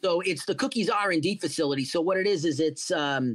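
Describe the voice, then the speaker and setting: High-voiced, profane storyteller man. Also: a little fast. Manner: profane, animated storyteller acting out quotes. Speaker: guest, cannabis entrepreneur. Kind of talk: casual interview storytelling.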